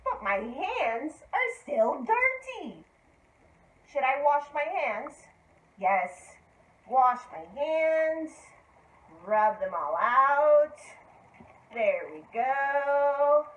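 A woman teaching toddlers, speaking in a slow, exaggerated, encouraging way and repeating simple words for them to copy. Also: sits high, very animated, echoey room, dull audio. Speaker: preschool teacher. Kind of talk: children's lesson.

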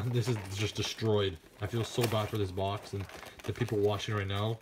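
A man narrating as he opens trading card packs on camera, excited and chatty, speaking straight to his viewers. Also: lowish voice, noisy background. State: nervous and shaky. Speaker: card-opening vlogger. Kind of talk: casual unboxing narration.

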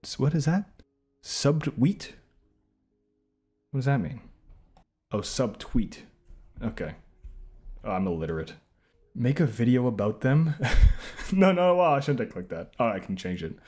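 A man streaming himself taking online quizzes, reacting out loud with sarcastic, self-mocking commentary. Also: medium pitch, sing-song, measured pace, pauses often.

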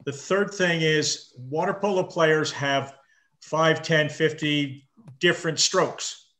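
A man in his fifties, a marathon swimmer interviewed over a video call, talking with halting restarts and dry understated humor. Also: fairly high pitch, fairly bright tone. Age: 50s. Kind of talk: casual interview chat.

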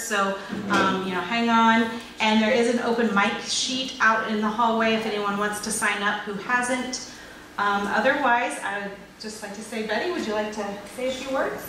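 A woman's voice: a little high, steady tone, moderate pace, a crowd in the background. A woman giving informal welcome remarks for a land trust at a live community event, friendly with many fillers. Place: community hall at a live poetry reading. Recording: echoey hall from far off, noisy.

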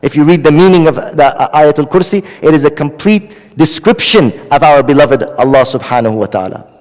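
A man's voice: fairly high pitch, animated, fairly quick, darkish tone, long reverb tail, low-quality recording. A man preaching a Ramadan night sermon, retelling a story with dialogue. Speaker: Islamic preacher.

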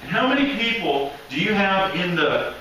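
High-voiced preacher in an echoey hall. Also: male voice, normal speed, slight background noise. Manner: animated, acts out voices of people praying. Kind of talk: sermon. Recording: echoey hall, mic from a distance.

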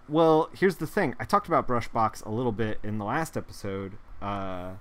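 A digital artist streams himself painting, chatting casually, rambling with lots of fillers and laughing at his own jokes. His voice is medium in pitch and a bit bright.

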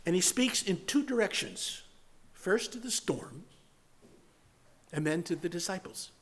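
A man preaching a sermon, moving between strong emphasis and hushed, near-whispered lines. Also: sits high, lively intonation, a little slow, slightly rough. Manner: dramatic shifts from loud to hushed, near-whispered words. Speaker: pastor.

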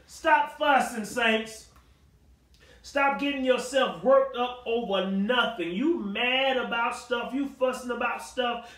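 A male pastor preaching a Bible study. He talks conversationally, acts out the people in the story with sass and humor, and rises to shouting. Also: very high-pitched, slow pace, roomy sound, recorded from a distance, low-quality recording.

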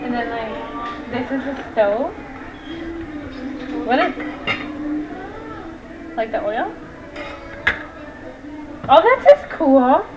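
A woman's voice: high voice, sing-song, extremely slow, long pauses. A young woman vlogging while shopping, chatting casually and switching between English and Spanish. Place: large furniture store, indoors. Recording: noisy store background.

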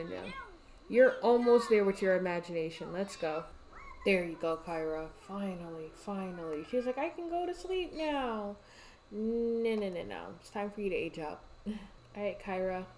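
A woman's voice: medium pitch, darkish tone, a little hiss or hum. A young woman, giving casual gameplay commentary, talking to the characters on screen and exclaiming in exasperation. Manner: exasperated, talks to game characters, frequent exclamations. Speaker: gaming YouTuber.

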